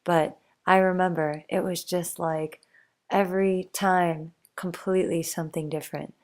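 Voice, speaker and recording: A young woman chats her way through a meandering bedtime story. Her voice sits low with a gravelly, fry-tinged edge, and she keeps it soft, sometimes slipping almost into a whisper. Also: fairly even intonation, moderate pace. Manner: rambling, chatty, drifts into tangents; soft, drops to near whisper at times. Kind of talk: casual bedtime story narration.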